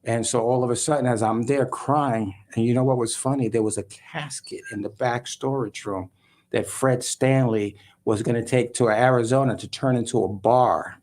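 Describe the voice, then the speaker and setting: A man guest on a talk show, telling a story in a lively way and acting out other people's voices. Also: mid-range voice, moderate pace.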